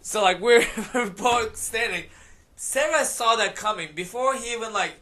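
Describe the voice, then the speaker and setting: A man and mixed martial arts fighter, telling an animated story in casual podcast chat and laughing often. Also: sits high, moderate pace.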